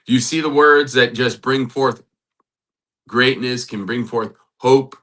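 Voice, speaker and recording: A man hosting a faith-based talk, urging love and repeating affirmations in a soft, earnest way. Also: medium pitch, fairly even intonation, takes it slowly. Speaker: host and matchmaker.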